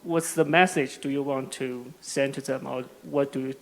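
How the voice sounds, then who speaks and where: A male reporter asking a question in a halting way, full of fillers and restarts. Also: mid-range voice, fairly even intonation, gravelly.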